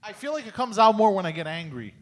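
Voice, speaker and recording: A man in comedy podcast banter, pitching ideas in an earnest, deadpan way. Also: quick pace, in a large hall, a little hiss or hum.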